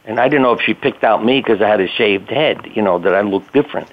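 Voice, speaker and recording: Older man, physician guest, low voice, anecdotal, plainspoken, phone-line sound. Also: quick pace. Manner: anecdotal, plainspoken, casual swearing. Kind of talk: conversational storytelling.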